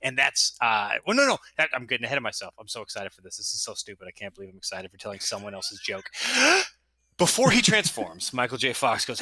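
A man tells a story in a casual chat. His voice is very bright and swings widely in pitch. He rambles and laughs as he goes, and the sound is dry and close. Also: big pitch swings, fairly quick, dry recording. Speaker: podcast co-host.

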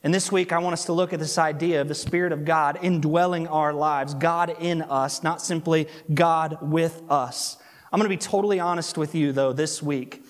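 Pastor preaching in a reverberant hall. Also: male voice, fairly high pitch. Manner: animated storytelling, slows for emphasis. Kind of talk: sermon. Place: church sanctuary.

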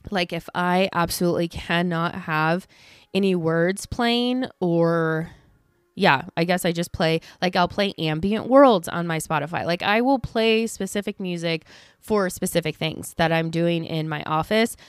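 A woman's voice: lowish voice, unhurried, clean tone, no echo, clean studio sound. A woman hosting her own podcast from her home office, telling stories in a casual, chatty way, acting out what people said and swearing now and then. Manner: chatty storytelling, acts out quotes, swears. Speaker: podcast host. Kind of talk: casual chat.

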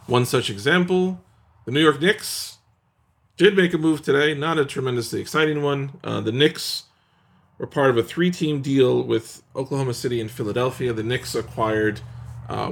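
A man's voice: mid-range voice, gravelly. A man hosting a casual sports podcast, talking in sardonic, emphatic runs. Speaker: podcast host.

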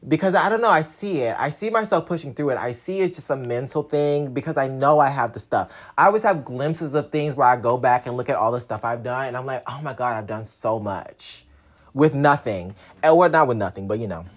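A young man talking through his own story in a casual, sassy monologue. He swears freely and swings between loud outbursts and low mutters. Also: expressive, quick pace, few pauses.

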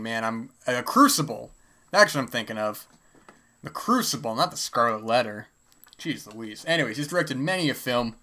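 A man's voice: medium pitch, a bit bright. A man hosting a solo podcast, talking casually and rambling with many fillers, his throat a little dry. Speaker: podcast host.

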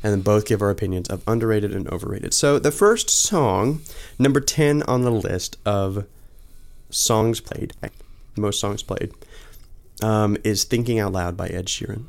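A young man with a somewhat low voice co-hosts a podcast. He chats casually and rambles, filling his talk with ums and false starts. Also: a little slow, creaky. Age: young adult. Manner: rambling, many ums and restarts. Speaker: podcast co-host. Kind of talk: casual chat.

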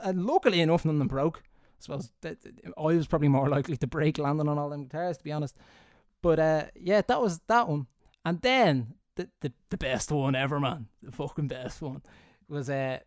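A young Irish man rambles through an anecdote, laughing often and dropping swears and slang along the way. His voice sits a touch high, and the sound is dry and close to the mic. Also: no room sound. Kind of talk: casual anecdotal storytelling. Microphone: close studio mic.

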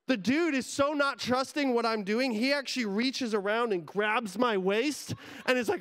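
A man preaching a sermon as a pastor, telling a story with animated energy that climbs into excited shouts. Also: very high-pitched, normal speed.

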